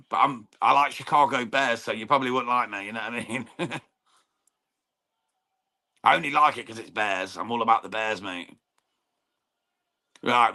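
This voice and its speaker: His mid-range voice comes across pushed and bright. An Englishman hosting a live boxing watchalong stream, he talks casually with viewers, calls people "mate" often, swears freely, and comments on the fight.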